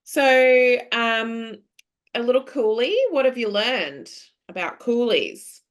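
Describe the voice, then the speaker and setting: A woman with an Australian accent hosts a casual podcast interview, speaking slowly in a fairly high voice. She's chatty and encouraging, and she laughs easily.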